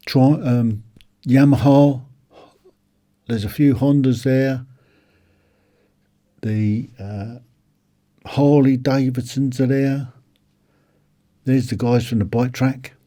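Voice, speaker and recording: In a dark, medium-pitched voice, a motorcycle vlogger offers casual walkaround commentary at a motorbike show. His rambling is peppered with ums and restarts.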